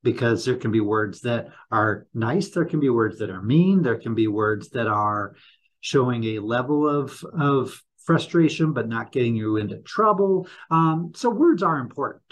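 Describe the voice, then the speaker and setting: A husky man speaks to students over the school announcements, posing quiz questions and walking through the answers. His voice is slightly rough, and his pitch sits in an ordinary middle range. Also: lively intonation, normal speed. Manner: upbeat, quizzing the audience with questions. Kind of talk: morning announcement lesson for students.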